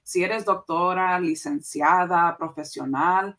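Woman in her thirties, podcast guest, slightly low voice, candid, storytelling with fillers. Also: a little slow. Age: 30s. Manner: candid, animated storytelling with frequent fillers and Spanish phrases. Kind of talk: casual conversation.

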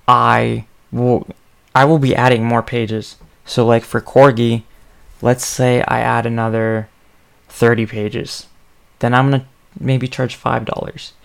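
Male podcast host, drowsy, flat and unhurried, thinks aloud with fillers. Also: medium pitch, vocal fry. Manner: rambling, thinking aloud with many ums. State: sleepy, yawning. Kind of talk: casual solo podcast talk.

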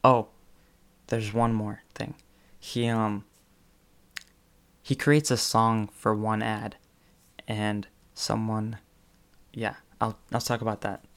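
A man's voice: fairly low pitch, little pitch movement, takes it slowly, pauses often, fairly bright tone. A man casually retelling funny stories in a spoken presentation, with fillers and occasional chuckles. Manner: chatty retelling with fillers, chuckles between phrases.

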